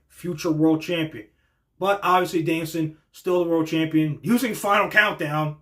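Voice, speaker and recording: Animated young man reacting to wrestling. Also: on the high side. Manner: animated, swears freely, acts out quotes in voices. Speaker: podcast host reacting to wrestling. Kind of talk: excited casual reaction monologue.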